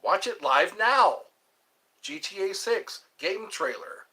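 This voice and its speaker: A man's voice: high voice, lively intonation, slow, pushed and bright, soft background music. A man hosting a rambling live stream from his phone, cracking jokes and answering viewers' questions. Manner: jokey, reads viewer questions aloud and answers them. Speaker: livestream host.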